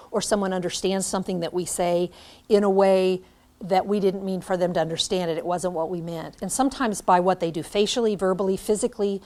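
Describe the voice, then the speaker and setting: Animated woman giving a classroom lecture. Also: medium pitch. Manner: animated, demonstrates by acting out lines. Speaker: teacher educator.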